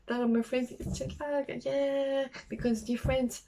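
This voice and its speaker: A young woman from France with a French accent, chatting casually and haltingly in a travel vlog, with many fillers. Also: sits high, level tone, dark tone, slight background noise, poor audio. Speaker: travel vlogger. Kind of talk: casual solo vlog talk.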